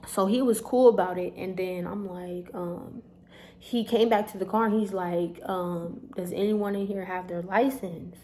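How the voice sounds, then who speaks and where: A young woman, telling a storytime vlog straight to her viewers in an animated, chatty way. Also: medium pitch, unhurried, slight background noise. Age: young adult. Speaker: vlogger.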